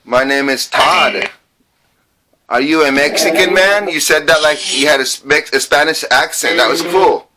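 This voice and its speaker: A man's voice: a little high, normal speed, heavy background noise. A man running a ghost-hunting vlog inside an old trailer, calling out to spirits, nervous and breathing hard. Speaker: paranormal investigator.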